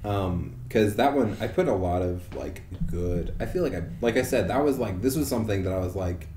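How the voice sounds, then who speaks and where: A young man with a low voice hosts a casual podcast, rambling through his thoughts with constant fillers, restarts and swearing. He sounds like he is in an echoey room. A faint hiss sits under the voice. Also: animated, brisk, dark tone. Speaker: podcast host.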